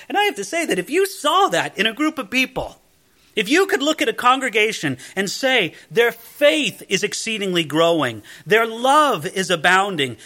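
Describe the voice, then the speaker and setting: A man's voice: high voice, sharp tone. A man teaching a verse-by-verse Bible study, explaining emphatically and putting questions to his listeners.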